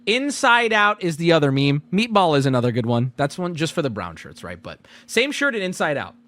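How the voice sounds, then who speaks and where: A man streaming, telling a story to his chat in a casual, animated way, jumping between loud outbursts and low mutters. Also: a little fast, no echo.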